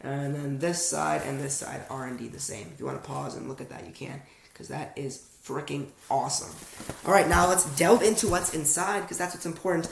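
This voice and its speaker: A man's voice: a little high, a little fast, creaky, a little hiss or hum. A young American man chatting casually through an unboxing vlog, rambling and self-aware as he talks to his viewers. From United States. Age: young adult. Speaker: fragrance reviewer. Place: room at home at night. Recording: echoey room.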